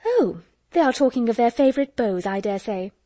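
A woman voicing a silly, gossiping young woman who teases and exclaims loudly in a raised voice. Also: fairly high pitch, lively intonation, a little fast, no room sound, pitched above the performer's own voice, lightly acted. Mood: teasing.

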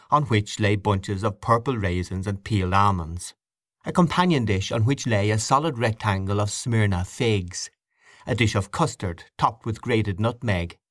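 A man reading an audiobook in a fairly low voice with lively, rising and falling intonation. His narration is measured and expressive. The recording is dry and close. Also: dry recording. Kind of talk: scripted narration.

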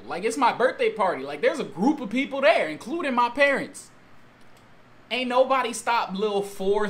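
Animated man telling a wild story. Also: high voice. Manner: excitable, slangy, exaggerated storytelling with sudden outbursts. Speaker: YouTube storyteller. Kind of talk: animated story time vlog.

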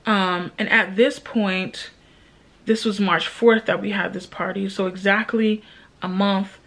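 A woman's voice: mid-range voice, steady tone, a little slow, fairly bright tone. A young woman vlogger telling a candid, emotional story in a casual storytime monologue, repeating phrases for emphasis.

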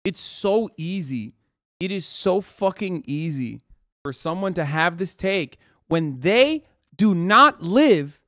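Streamer guy yelling and swearing at chat, kinda high voice, dry mic. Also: no echo. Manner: angry, profane ranting. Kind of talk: heated live-stream reaction.

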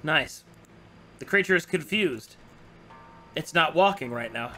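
A man acting as dungeon master in a tabletop game, giving casual, quick rulings and laughing with his players. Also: fairly high pitch, expressive, bright, forceful tone, soft background music. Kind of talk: running a tabletop game online.

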